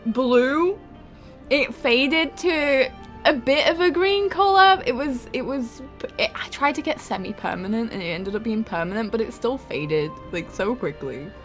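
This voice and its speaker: A chatty young woman talks casually to her stream viewers in a slightly raised voice, breaking into laughter often and swearing without a second thought. Soft game music plays faintly under her. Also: a little high, lively intonation, unhurried. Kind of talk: casual live-stream chat.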